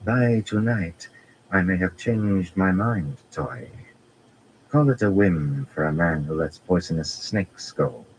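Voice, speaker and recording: A cool, commanding young noblewoman who draws every word out in a slow, honeyed drawl, as a man puts her on in his reading. The voice is pitched well above the reader's own very deep register, yet still sits low for a woman. It is an audiobook reading set against a faint ambient hum. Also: darkish tone, low-quality recording.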